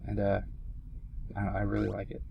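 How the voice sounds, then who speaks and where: A man's voice: on the low side, completely flat delivery, moderate pace, gravelly, muffled recording, slight background noise. A young man giving casual, rambling commentary over a game, full of fillers and self-mocking asides. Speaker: let's play commentator.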